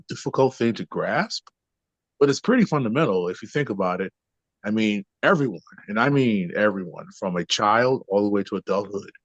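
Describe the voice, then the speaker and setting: Speaking on the low side, this man appears as a podcast guest and trainer, laying out ideas in a conversational way. He keeps adding "right?" to check in with the listener, and the dull lo-fi recording has no room sound.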